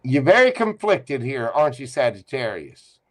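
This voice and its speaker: A man's voice: mid-range voice, big pitch swings, normal speed. A man giving a live tarot reading, teasing and playful as he talks straight to the listener. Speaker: tarot reader.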